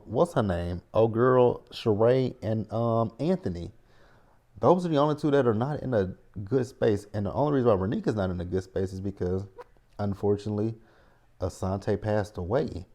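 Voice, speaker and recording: A man's voice: lowish voice, dark tone. A man hosting a reality TV recap, talking bluntly and profanely in an exasperated, ranting way. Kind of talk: casual recap commentary.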